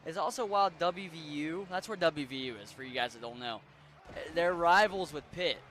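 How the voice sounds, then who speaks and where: Bright-voiced Western Maryland man streaming. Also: a little high, normal speed, faint music behind. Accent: Western Maryland, Appalachian mix. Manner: rambling, swears casually, talks to chat. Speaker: game streamer. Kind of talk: casual chat while gaming.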